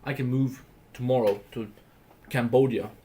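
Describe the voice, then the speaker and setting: A man's voice: mid-range voice, steady tone, moderate pace, mellow. A man from the Balkans hosting a livestream, answering viewer questions in a blunt, profane, emphatic rant. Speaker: livestream host.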